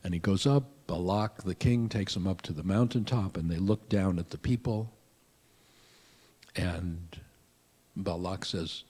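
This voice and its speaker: Male rabbi, low husky voice, conversational storytelling sermon. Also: unhurried, pauses often. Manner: conversational, animated retelling with asides.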